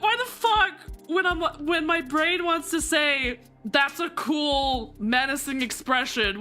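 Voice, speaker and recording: A woman's voice: high-pitched, sharp tone. A young woman streaming a game, laughing often, swearing, and making fun of herself. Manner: giggly, swears a lot, self-mocking. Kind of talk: casual game stream commentary.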